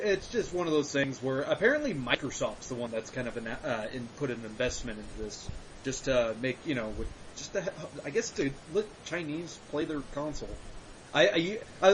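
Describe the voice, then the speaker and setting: A man's voice: a little high, slight background noise, low-quality recording. A man hosting a casual podcast chat, joking and swearing, slipping into mocking voices. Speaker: podcast host.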